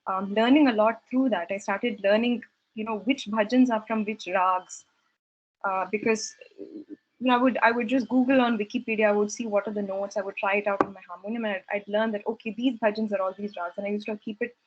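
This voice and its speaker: A woman's voice: medium pitch, steady tone, fairly quick, highs cut off, a little hiss or hum. A young woman telling her story at a devotional gathering, earnest and reflective, with hesitant restarts. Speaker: satsang speaker sharing her story. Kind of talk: personal testimony talk.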